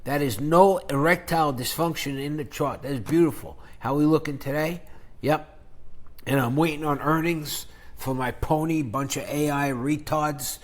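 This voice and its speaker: A man ranting through an investing vlog, crude and profane, mocking rivals with sudden loud jabs in a loose, rambling delivery. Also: a little high, moderate pace. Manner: crude, profane, mocking shock-jock banter. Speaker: finance YouTuber.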